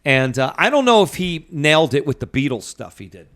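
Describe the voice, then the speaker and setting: A man hosting a podcast in casual, jokey chat, stretching out words for emphasis. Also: on the high side. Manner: animated, jokey, drawn-out emphasis. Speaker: podcast host.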